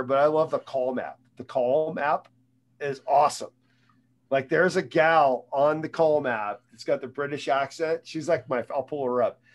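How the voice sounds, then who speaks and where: Male guest, middle-pitched voice, loose casual talker who repeats himself and restarts lines. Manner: rambling, repeats words and restarts sentences. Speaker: guest speaker on sales and mindset. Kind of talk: casual conversational advice.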